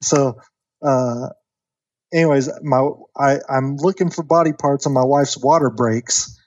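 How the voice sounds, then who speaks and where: Animated male storyteller, dry muffled sound. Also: mid-range voice, unhurried, no room sound. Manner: animated storyteller, acts out quoted voices, many fillers. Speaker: podcast guest. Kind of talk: casual storytelling.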